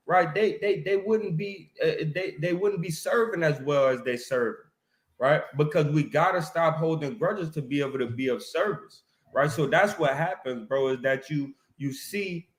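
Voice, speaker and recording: Man leading a religious chat, preachy, keeps asking right?, slightly high voice, roomy echo. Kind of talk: casual religious discussion.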